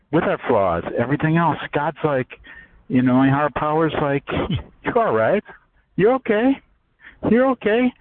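A man's voice: on the low side, no echo. A man sharing at a recovery meeting from his parked car, rambling and self-deprecating. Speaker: meeting share. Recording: phone line, dry.

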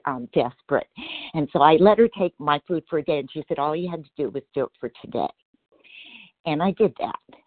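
A woman speaks with earnest, plain-spoken sincerity as she shares on a recovery meeting call. Her voice comes through a narrow telephone line. The sound is close and dry, with no room echo. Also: low-pitched. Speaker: meeting member sharing. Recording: dry phone-line audio.

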